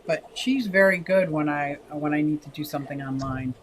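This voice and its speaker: Her voice is low-pitched and moves at a normal speed, caught on a low-quality recording with slight background noise. She's a woman over sixty from Pennsylvania, USA, casually hosting a livestream and reading viewer comments in a chatty, expressive way that sways between lively and soft.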